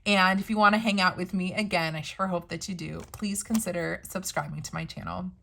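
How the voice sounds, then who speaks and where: Bright, upbeat woman planner vlogger. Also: lowish voice, fairly even intonation, a little fast, creaky. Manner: upbeat, chatty, talks to viewers as friends. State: losing her voice. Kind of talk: casual product review.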